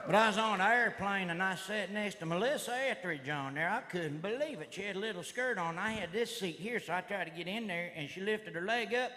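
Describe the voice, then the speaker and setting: A man doing a stand-up comedy routine, with a loud, rowdy redneck delivery full of catchphrases. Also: high-pitched, a little fast, hardly any pauses. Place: comedy stage before a live audience. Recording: live show with loud audience laughter and noise.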